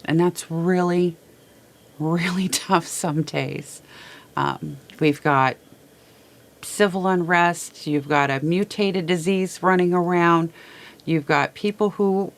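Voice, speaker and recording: A woman hosts a heartfelt talk from a small studio, her voice low in pitch. She speaks slowly and haltingly, stumbling and repeating words. She is plainly holding back tears. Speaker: host. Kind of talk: heartfelt personal talk to viewers.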